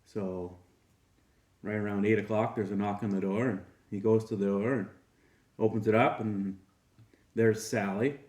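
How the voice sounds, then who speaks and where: A man hosting a casual show, telling a long joke in a relaxed way with many pauses and fillers. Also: fairly low pitch. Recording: roomy echo.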